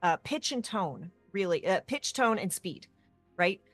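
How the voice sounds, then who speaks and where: Give me an animated woman co-host rambling through a casual gaming chat, recorded dry. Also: medium pitch, no room sound, faint music behind. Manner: animated, rambling with quick tangents. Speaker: co-host of a tabletop gaming talk show.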